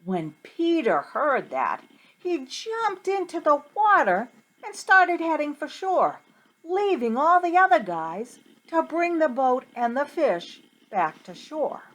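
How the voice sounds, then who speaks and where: A middle-aged woman teacher tells a Bible story to children in an animated, questioning way. She talks slowly, with a wide, sing-song pitch range. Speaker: Sunday school teacher.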